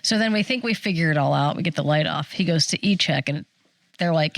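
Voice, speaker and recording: A woman's voice: quick pace, no room sound. A middle-aged woman, co-hosting a podcast and telling a story in casual chat, acting out the voices of other people. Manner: animated storyteller, acts out quoted voices high. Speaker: podcast co-host.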